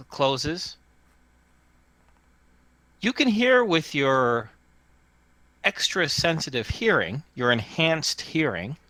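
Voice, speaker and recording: Lively man running a tabletop game. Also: fairly high pitch, no room sound. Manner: descriptive with many fillers and restarts. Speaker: game master.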